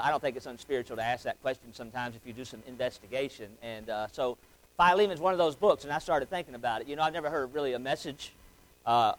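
A man in his thirties preaching a sermon as pastor, in a folksy, halting way with many fillers and restarts. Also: medium pitch, poor audio.

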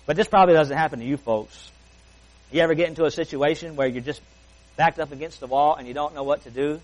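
A man preaching a sermon as pastor, emphatic, slowing down and stretching key words. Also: fairly high pitch, poor audio.

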